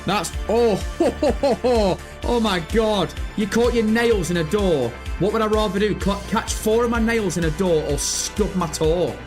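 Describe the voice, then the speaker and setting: A man's voice: high voice, moderate pace, few pauses, over music. A man hosting a live stream, bantering with chat in hyped, slangy talk and reading out donations. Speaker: livestream host.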